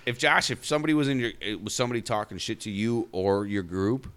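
A man's voice: on the low side, fast talker, fairly bright tone, clean tone. A man in a casual podcast chat, telling rambling, profane stories full of restarts.

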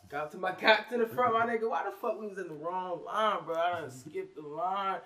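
A man's voice: high voice, brisk, fairly bright tone, far from the mic. A man hosting a casual podcast, telling stories with loose, profane banter. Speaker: podcast host.

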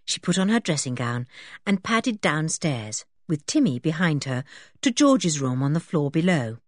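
A woman's voice: low-pitched, big pitch swings, normal speed, dry recording, clean studio sound. A woman narrating a children's storybook expressively and switching into voices for the characters. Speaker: audiobook reader.

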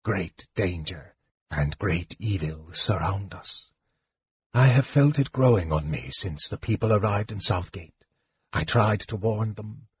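Male narrator does a husky, bitter young mage whisper, slow and caustic. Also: fairly low pitch, lively intonation, no room sound, full character voice. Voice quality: husky, breathy. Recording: dull dry recording.

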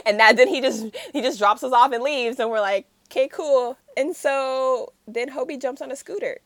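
A woman's voice: high voice, moderate pace, few pauses, no echo. A woman casually recapping a story, acting out the characters' lines with lots of laughter. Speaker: podcast co-host recapping a series. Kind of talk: casual chat.

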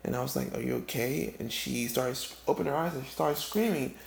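A man's voice: medium pitch, brisk, vocal fry. A man delivering a rambling comedic monologue, full of asides and restarts. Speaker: comic storyteller. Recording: roomy, with faint background ambience.

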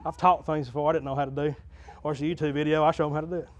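A pastor with a notably high voice delivers a folksy sermon in church. He talks plainly to the congregation, swells into loud preaching runs and then settles back to a quieter, conversational tone. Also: fairly even intonation, very fast, slight background noise. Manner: folksy, builds to loud preaching crescendos then drops low. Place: church sanctuary.

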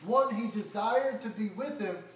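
Speaking at a measured pace in a high-pitched voice, a pastor goes through scripture verse by verse, acting out its characters in casual speech. His expository sermon echoes around the room, and he sounds far off the mic.

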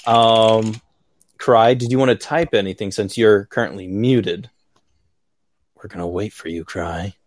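A man's voice: lowish voice, a little slow, no room sound. A man hosting a podcast, chatting in a rambling, upbeat way with lots of "like"s. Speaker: podcast host. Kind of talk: casual chat.

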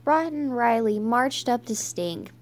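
A woman reading a children's book aloud, halting and stumbling with frequent restarts. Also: on the high side, animated. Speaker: reader.

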